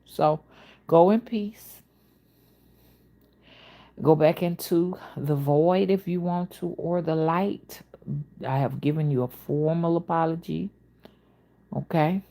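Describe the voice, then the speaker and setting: Woman host, spiritual reader on a livestream: soothing, melodic, lowish voice, slow, unhurried delivery. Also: dark tone. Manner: unhurried, talks to viewers by name, folksy asides. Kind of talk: casual livestream chat.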